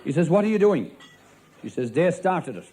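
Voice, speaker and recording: An Irish man with a raised, high-set voice spins deadpan stand-up yarns as a village policeman. Light laughter and faint room noise sit behind him on the live recording. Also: a crowd in the background. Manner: deadpan storytelling, rapid one-liners in character as a policeman. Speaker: stand-up comedian. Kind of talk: live stand-up joke-telling.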